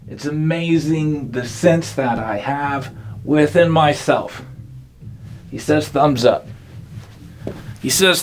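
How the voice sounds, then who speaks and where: A man hosting an absurd comedy monologue, rambling and deadpan. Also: on the high side, a little hiss or hum. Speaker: comedian host.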